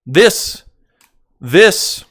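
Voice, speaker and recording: A young man live-streaming and chatting with his viewers, loud and excitable, joking at his own expense and bursting into yells. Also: sits high, extremely slow, breathy edge. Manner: joking, self-mocking banter with chat. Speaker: livestreamer.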